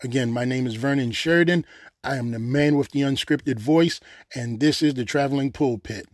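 A man's voice: mid-range voice, moderate pace, no echo, studio quality. A man preaching an unscripted sermon, earnest and emotional, repeating phrases for emphasis.

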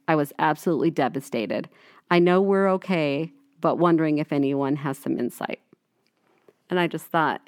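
Low-voiced woman podcast co-host. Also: no echo, studio quality. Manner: animated storyteller, acts out quoted lines. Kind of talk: casual podcast chat.

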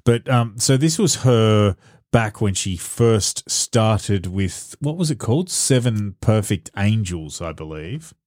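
A man's voice: on the low side, lively intonation, slow pace, a little mellow, dry recording, clean studio sound. Wry man podcast co-host. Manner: wry, sarcastic jokes. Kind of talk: casual banter.

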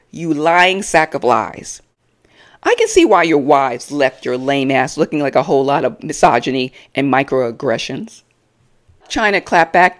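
A woman's voice: low voice, animated, unhurried. A woman reviewing a reality TV episode on her own, blunt, sassy and mocking in her opinions. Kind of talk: opinionated solo commentary.

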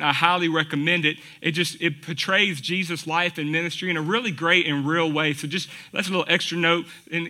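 A man's voice: fairly high pitch, pushed and bright. A man preaching a sermon in a conversational, folksy way, asking the congregation rhetorical questions. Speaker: pastor.

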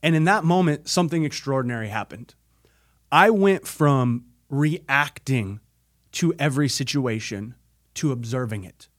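A man's voice: medium pitch, expressive, unhurried. A man hosting a podcast, telling a personal story in an earnest, emphatic motivational style and repeating phrases for effect. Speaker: podcast host.

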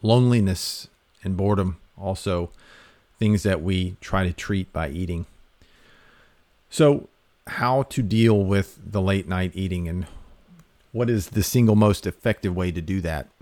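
A man hosting a talk, giving health advice in a relaxed, conversational way with fillers and restarts. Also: low voice, unhurried, dry recording. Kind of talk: casual explanatory talk.

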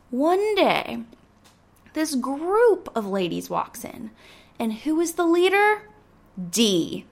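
A woman in her twenties, a podcast host telling a casual story in a dramatic, animated way, with casual swearing. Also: mid-range voice.

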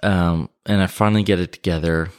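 A man hosting a podcast, telling a personal story in a relaxed, rambling way with plenty of fillers. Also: deep voice, fairly quick, clear, resonant tone. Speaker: podcast host. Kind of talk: casual storytelling.

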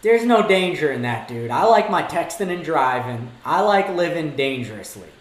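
A man's voice: a little high, big pitch swings, normal speed, roomy sound. A man guesting on a casual podcast, joking around, teasing and swearing freely. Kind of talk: casual chat.

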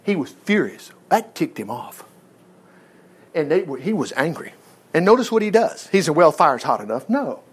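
A male Baptist pastor, telling a Bible story in a folksy, joking sermon. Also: sits high. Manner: folksy, animated storytelling, jokes.

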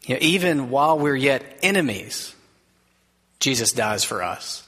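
A man preaching a sermon as pastor, earnest and conversational, dropping to a soft gentle voice for quoted words. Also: mid-range voice, lively intonation, unhurried. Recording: long reverb of a large hall.

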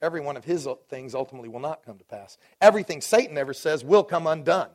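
Fervent high-voiced preacher in his forties. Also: fast. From Dallas, Texas. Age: 40s. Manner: preaching with rising fervor and warm asides. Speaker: pastor. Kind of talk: sermon.

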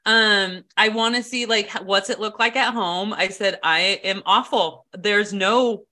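A woman co-hosting a relaxed podcast chat. Her voice is bright and sits at an ordinary pitch, and she tells stories candidly with frequent laughter. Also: unhurried. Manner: candid, laughs often, quotes people in a shifted voice. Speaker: podcast co-host. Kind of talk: casual chat.

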